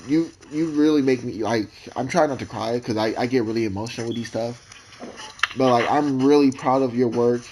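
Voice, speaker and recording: A man co-hosting a casual podcast, rambling and emotional, with constant halting restarts. His voice sits at an ordinary middle pitch, and a faint hiss runs under it. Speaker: podcast co-host.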